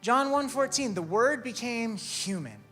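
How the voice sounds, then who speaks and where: A male pastor delivers a sermon with a bright, forceful voice. His pitch swings widely as he tells stories and throws rhetorical questions at the congregation. Soft music plays behind him. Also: measured pace. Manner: animated storytelling with rhetorical questions.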